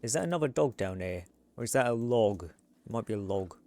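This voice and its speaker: A man's voice: fairly low pitch, animated, fairly quick, a little mellow. Chatty, swearing male game streamer. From United States. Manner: chatty, rambling, swears freely. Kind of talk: casual gameplay commentary.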